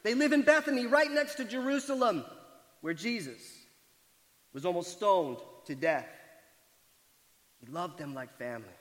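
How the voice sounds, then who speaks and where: A male pastor preaching a sermon, retelling a story dramatically and moving between loud emphatic lines and hushed, quiet ones. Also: high-pitched, lively intonation, normal speed, pauses often, big-room sound, rough recording.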